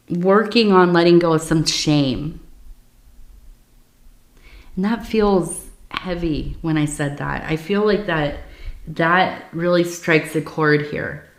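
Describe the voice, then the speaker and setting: A woman giving a tea leaf reading in a soft, reflective, meandering way, with many fillers and pauses. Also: on the low side. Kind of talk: intimate spoken reading. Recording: roomy echo.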